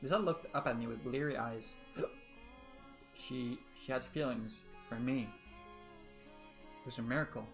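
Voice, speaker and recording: Male let's-play reader, mid-pitched, soft and reflective, music faintly underneath. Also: moderate pace. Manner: soft-spoken, reflective, with chatty asides. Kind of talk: reading a visual novel aloud with commentary.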